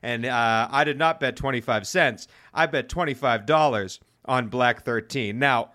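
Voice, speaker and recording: Man, bright forceful voice, podcast host, casual animated storytelling, swears. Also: mid-range voice. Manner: animated, swearing, fast-talking.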